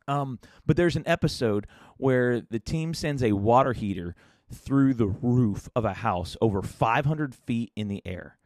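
Reflective podcast host, low-pitched man. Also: creaky, a little mellow, no echo, clean studio sound. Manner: reflective, earnest, with frequent restarts. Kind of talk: solo podcast monologue.

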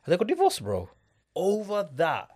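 A man's voice: sits high, wildly swooping pitch, normal speed, darkish tone. A man in a casual discussion, speaking emphatically and often asking his listener if he gets it. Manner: emphatic, keeps asking "do you get it?".

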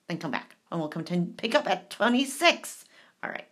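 A woman's voice: on the low side, sing-song, a little fast, a bit bright. A woman hosting a devotional channel, reading aloud from a saint's diary and breaking off into chatty, emotional asides, with sudden whispers and sing-song bits.

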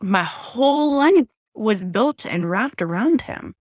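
A thirty-something woman from Southwest Florida, appearing as an interview guest, tells an animated personal story on a podcast about a profound loss. Her candor shows in halting restarts and blunt words as her emotion rises; the audio is close and dry, free of room echo.

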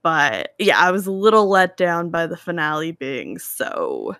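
Brief: woman panelist, thoughtful and measured, mildly critical, dry close sound. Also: on the low side, sing-song, fairly bright tone, no echo. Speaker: podcast panelist. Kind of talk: casual chat.

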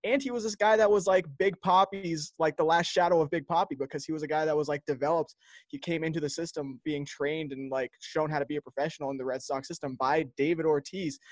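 A man talks sports in an emphatic, casual way, often doubling words as he gets going. His voice sits a bit high and sounds dry and close. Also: steady tone, fast, no room sound. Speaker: podcast co-host.

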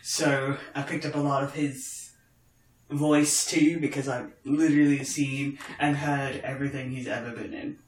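Over a glass of wine, a podcast co-host at home trades wry jokes in a chatty way, his posh London English carrying some northern tweaks. He speaks in a level, medium-pitched voice at a measured pace, and the recording sounds roomy and echoey.

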